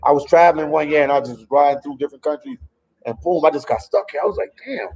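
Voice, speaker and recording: Gravelly man on a livestream. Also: fairly high pitch, fast talker, darkish tone, highs cut off. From Memphis, USA. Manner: loose and talkative, reads and answers viewer comments. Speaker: travel vlogger on a livestream. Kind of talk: casual livestream chat. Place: a café in El Salvador.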